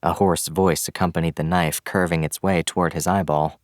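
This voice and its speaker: A man giving scripted, measured audiobook narration of a fantasy novel. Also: low voice, fairly even intonation, no room sound, clean studio sound.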